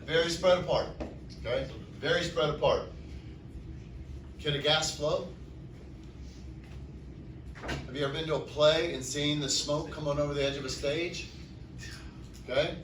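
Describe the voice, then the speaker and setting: A man's voice: fairly high pitch, fairly even intonation, measured pace, pauses often, noisy background. A man teaching chemistry to a classroom, asking the class questions and answering them himself. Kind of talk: classroom lecture. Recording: echoey classroom from far off.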